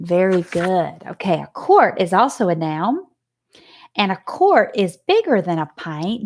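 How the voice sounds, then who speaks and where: A woman teacher giving a remote lesson to young children, patiently sounding out letters and words. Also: mid-range voice. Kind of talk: remote phonics and math lesson.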